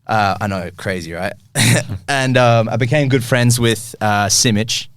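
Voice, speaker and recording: A man's voice: fairly low pitch, a little slow, clear, resonant tone, dry recording, clean studio sound. A young man, a football kit store owner, telling a long story in casual chat, laughing and acting out his own reactions.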